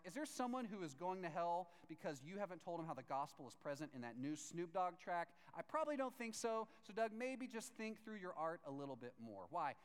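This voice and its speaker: Lively young preacher in a reverberant hall. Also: male voice, on the high side, clean tone. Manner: storytelling with quoted voices, frequent "right?" tag questions. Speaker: pastor. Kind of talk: sermon.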